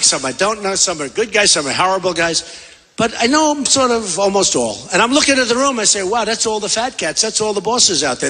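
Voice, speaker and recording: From a podium in a large convention hall, a political candidate gives a rambling, repetitive rally speech. His voice is high, sharp and slightly rough, carried by the long reverb of the big room.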